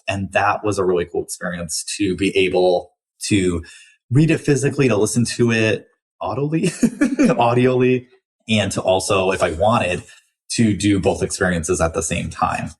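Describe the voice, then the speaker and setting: A man's voice: low voice, normal speed, breathy edge. A young man hosting a book podcast, chatting casually through a review with lots of likes and restarts.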